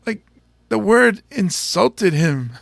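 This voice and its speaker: A man's voice: fairly high pitch, animated, moderate pace, gravelly, fairly bright tone, dry recording. A male stand-up comedian chatting casually with his audience, rambling and joking and laughing often. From Samoa. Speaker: stand-up comedian hosting a show.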